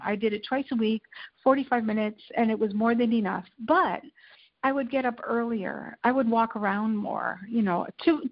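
A woman being interviewed as a guest, telling personal stories in a candid, animated way and acting out the quotes. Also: a little high, dull audio. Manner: animated, tells anecdotes with acted-out quotes. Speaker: interview guest, lifestyle and food editor. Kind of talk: candid conversational storytelling.

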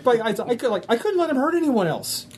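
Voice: medium pitch, big pitch swings, quick pace, darkish tone, slight background noise. Rambling player full of fillers. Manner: rambling teen-like filler talk. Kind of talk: tabletop role-play.

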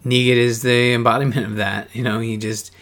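A man's voice: medium pitch, level tone, fairly quick, fairly bright tone. A man co-hosting a casual podcast chat about a TV show, thinking aloud with frequent "you know" and restarts. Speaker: podcast co-host.

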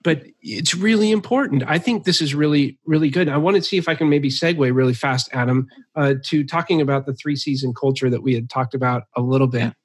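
Male podcast host, mid pitch, dry close-miked sound; affirming, hesitant restarts. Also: brisk, few pauses, breathy edge, dry recording. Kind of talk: conversational interview.

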